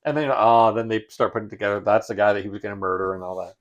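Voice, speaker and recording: This podcast co-host from Canada has a fairly low voice and talks rapid-fire with hardly any pauses. In casual chat, he tells the story animatedly, full of swearing and acted-out bits.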